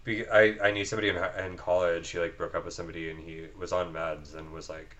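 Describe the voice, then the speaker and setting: A man with a very low voice talks earnestly in a relaxed podcast conversation. He leans on fillers and restarts his sentences often. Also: fast talker, hardly any pauses, dull audio. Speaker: podcast guest. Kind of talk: casual chat.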